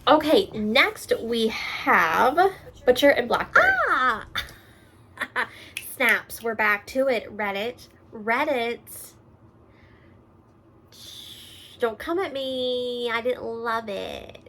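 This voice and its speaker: A woman hosting a casual book vlog from a room at home, animated and quick to laugh, swinging between loud remarks and soft asides. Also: fairly high pitch, slight background noise. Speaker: book reviewer host. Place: room at home with her books behind her.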